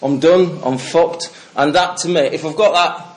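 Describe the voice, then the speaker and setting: A man's voice: fairly high pitch, steady tone, measured pace. Candid swearing man from the Midlands. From English Midlands. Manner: candid, swearing, storytelling with laughs. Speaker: recovery speaker. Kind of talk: personal testimony to a meeting.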